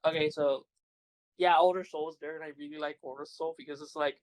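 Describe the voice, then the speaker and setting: A woman co-hosting a podcast, telling fighting-game stories in animated, laughing casual chat with some swearing. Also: sits low, fast talker, poor audio. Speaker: podcast co-host.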